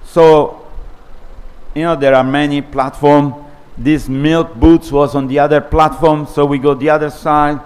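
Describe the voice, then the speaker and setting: A man's voice: fairly high pitch, flat delivery, measured pace, a little mellow, clean tone. A man giving a scripture class, telling a personal story in a conversational way. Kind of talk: sermon with a personal anecdote.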